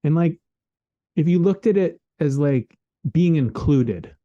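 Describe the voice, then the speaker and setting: Slow and expressive, this man's fairly high, warm voice comes through a remote call mic, dry and muffled. Co-hosting a podcast, he reflects casually and earnestly, rambling with plenty of "like" and "man."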